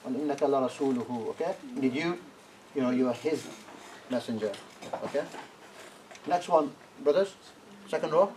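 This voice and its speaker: This Arabic teacher has a medium-pitched, darkish voice, talking at a normal speed but with long pauses. He keeps asking "yeah?" and prompts his students to translate during the lesson. Faint noise runs through the distant classroom recording.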